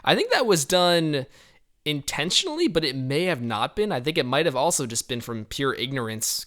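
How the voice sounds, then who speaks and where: A man's voice: fairly high pitch, fairly bright tone. A young man giving casual, rambling commentary on his band's album, laughing often and hedging with fillers.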